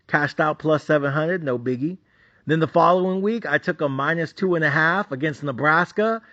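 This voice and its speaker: A man's voice: fairly high pitch, normal speed, pushed and bright, lo-fi sound. A man with a Mexican accent ranting profanely as host of a sports betting recap.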